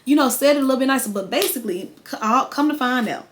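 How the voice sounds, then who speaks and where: A woman's voice: sits high, fast talker, a little hiss or hum. A young woman, casually telling a storytime tale to her viewers with quoted voices. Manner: chatty, animated retelling with quoted voices. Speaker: vlogger.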